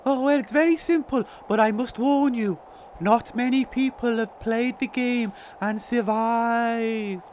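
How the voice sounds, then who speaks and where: A man voicing a childlike, cheeky mountain goblin with a squeaky baby voice in an improvised role-play game. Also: measured pace, few pauses, darkish tone, slight background noise. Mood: mock-ominous. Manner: giggly, teasing, mock-ominous.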